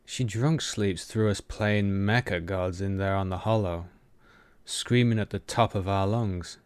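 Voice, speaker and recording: A man's voice: sits low, a little slow, clean tone, no room sound. Man voicing a cocky, crude young tough guy. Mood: scornful. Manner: teasing, crude, defiant. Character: cocky roguish young man, sharp-tongued.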